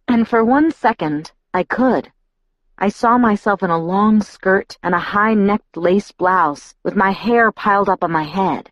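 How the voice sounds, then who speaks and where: A woman reading a novel aloud in the first person, with a mid-range voice and an even, wry tone. The recording is dry and close. It also sounds a little dull and lo-fi. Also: mid-range voice, a little slow, no echo. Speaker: audiobook narrator. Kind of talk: first-person audiobook narration.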